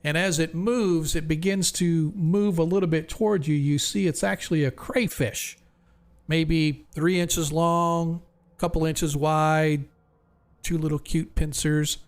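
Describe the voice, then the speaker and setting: A man's voice: on the high side, fairly even intonation, measured pace. A man narrating a tabletop game as game master, describing the scene in a loose, descriptive way with frequent likes and restarts.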